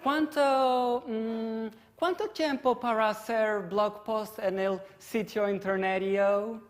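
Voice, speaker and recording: A man's voice: high voice, fairly even intonation, slow pace, pitched above the performer's own voice. A man putting on an eager project manager who speaks broken mock Spanish with an American accent, stretching the words in a playful, exaggerated way. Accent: American accent over broken Spanish. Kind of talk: comic impression within a conference talk.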